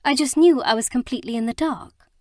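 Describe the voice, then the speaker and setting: A woman voicing an earnest, emotional young bride in an audiobook, speaking in a halting, heartfelt way. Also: sits high, no echo, clean studio sound, voice pushed up, natural voice. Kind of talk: audiobook character reading.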